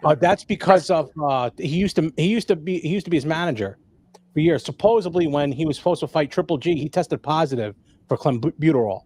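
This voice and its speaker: A man hosts a casual live stream, talking in a halting way that is full of fillers. His voice sits a little higher than most men's. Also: darkish tone, breathy edge. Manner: halting, conversational, filler-heavy. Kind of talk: casual chat.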